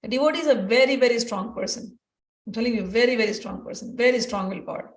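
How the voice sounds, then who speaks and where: A woman's voice: fairly high pitch, fast talker. A woman giving an earnest devotional teaching talk, telling personal stories and repeating phrases for emphasis. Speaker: spiritual teacher. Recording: roomy distant mic.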